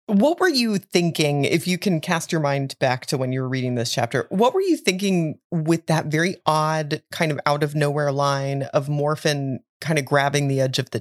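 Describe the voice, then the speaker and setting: A woman's voice: deep voice, no echo, studio quality. A woman co-hosting a podcast, casually explaining book details and laughing readily. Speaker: podcast co-host. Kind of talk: casual book-discussion chat.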